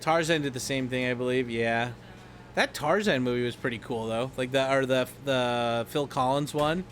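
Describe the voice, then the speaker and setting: On a livestream, a young man chats casually about movies, rambling, cursing a lot, and laughing often while scatting and imitating film lines. His medium-pitched voice is a bit bright at a normal speed, with a little hiss or hum in the background.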